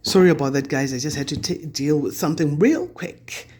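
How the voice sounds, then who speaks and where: A man's voice: on the high side, lively intonation, fairly quick, a little mellow, slightly rough. A man giving a weekly tarot reading to camera, chatty and reassuring as he passes on spiritual guidance. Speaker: tarot reader.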